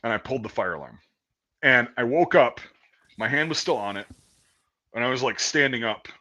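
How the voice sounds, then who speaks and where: A man's voice: mid-range voice, moderate pace, pushed and bright, poor audio. A man in casual chat, telling a long story in a rambling, profane way with many restarts. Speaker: guest storyteller.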